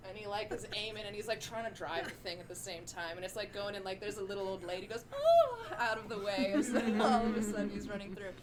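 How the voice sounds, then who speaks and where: A woman's voice: medium pitch, steady tone, quick pace, hardly any pauses, very noisy. Rambling woman game master. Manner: rambling, casual, swears freely. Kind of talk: narrating a tabletop game.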